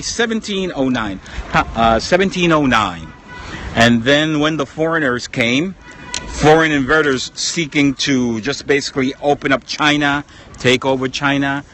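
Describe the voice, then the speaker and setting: A man's voice: medium pitch, fairly bright tone, a little hiss or hum. An American man casually chatting on a phone live stream from outdoor ruins, greeting viewers and laughing often. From United States. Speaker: journalist livestreaming. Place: outdoors at palace ruins with people around. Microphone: phone on a tripod.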